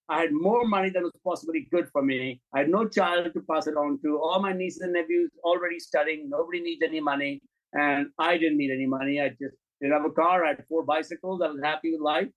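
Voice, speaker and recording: A man, a film and commercial director, telling anecdotes in an interview, animated and blunt, acting out dialogue and swearing now and then. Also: on the high side, brisk, poor audio. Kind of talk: interview storytelling.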